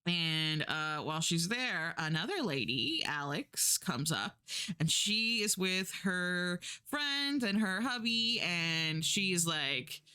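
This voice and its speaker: Rambling woman streamer with a bright, crisp voice. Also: on the low side, sing-song, slow pace. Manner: rambling, heavy on fillers and restarts; blunt and profane when annoyed. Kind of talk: casual book recap chat.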